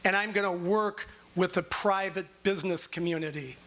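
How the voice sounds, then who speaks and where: High-voiced local guy running for mayor, confident, ticks off his points one by one. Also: moderate pace, fairly bright tone. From Minneapolis. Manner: confident, listing points in order. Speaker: mayoral candidate. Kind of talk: debate opening statement. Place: public forum hall.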